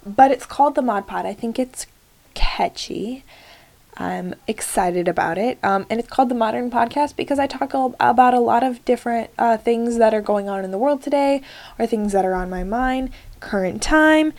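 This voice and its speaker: A woman's voice: a little high, normal speed, creaky, darkish tone. A young woman hosting her solo podcast in casual chat, talking to her listeners and joking at herself with many fillers. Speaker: podcast host.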